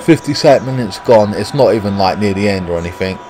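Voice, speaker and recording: A British man mutters and swears his way through live commentary on his own football video game. His voice sits a little low, and he talks to himself between moves. A steady noise hums clearly behind him. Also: quick pace. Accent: British English. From Britain. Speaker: gaming YouTuber.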